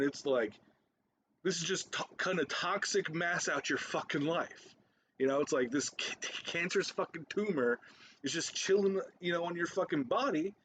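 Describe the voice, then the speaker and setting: High, lively ranting man in his thirties. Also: a little hiss or hum. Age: 30s. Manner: profane, rambling, laughing, repeats himself. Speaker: commentator reacting to posts. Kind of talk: ranting reaction commentary.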